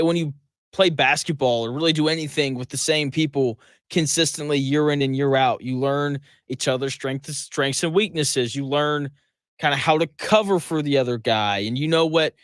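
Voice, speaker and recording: A man hosting a sports talk radio show, delivering an emphatic, conversational monologue full of quick asides. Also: a little high, fairly bright tone, no room sound.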